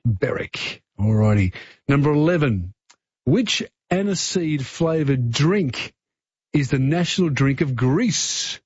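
A man's voice: mid-range voice, lively intonation, takes it slowly, a little mellow, slightly rough, no echo, highs cut off. A man hosting a radio talkback quiz, chatty and encouraging, giving callers hints.

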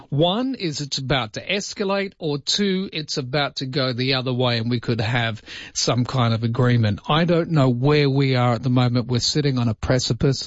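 A man's voice: mid-range voice, no room sound. A man hosting a solo talk show, chatting in a wry, rambling way with lots of asides. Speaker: show host. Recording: dry, slightly dull lo-fi sound.

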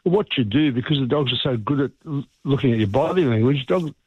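A man's voice: medium pitch, a little fast, slight background noise. A man with an Australian accent, a veterinarian speaking as a guest on a radio phone-in, explaining things at length in an expansive, rambling way. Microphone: telephone line. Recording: tinny phone line.

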